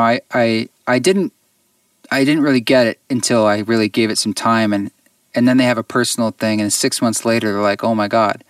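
A man, a musician guest on an interview show, tells a personal story in an earnest, reflective way with halting restarts. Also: medium pitch, smooth, no room sound, distant mic.

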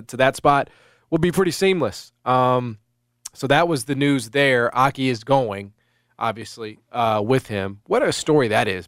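A man's voice: mid-range voice, fairly bright tone, clear, resonant tone, no room sound, clean studio sound. A middle-aged man hosting casual sports talk, rambling with many restarts and fillers.

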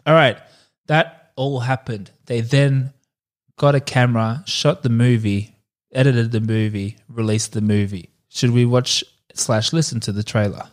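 A man's voice: medium pitch, fairly even intonation, unhurried. A man co-hosting a podcast in casual chat, joking and rambling with fillers, says he is hungover. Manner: jokey, rambling with fillers and laughs. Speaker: podcast co-host.

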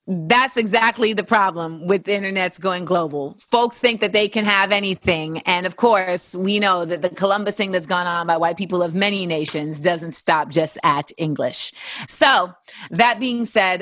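A woman's voice: on the low side, a little slow, a bit bright, dry recording. A young adult woman hosting, answering listener questions in a frank, casual, profane way, acting out the voices she quotes. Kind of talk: casual candid commentary.

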